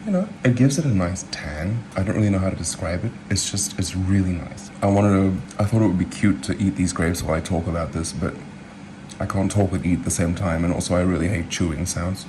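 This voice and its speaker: A man from New Zealand hosts a home cooking video, chatting loosely and drifting between asides and filler words. His voice sits very low. Clear background noise runs under the recording. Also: a little fast. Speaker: home cook vlogger. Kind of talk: casual cooking chat.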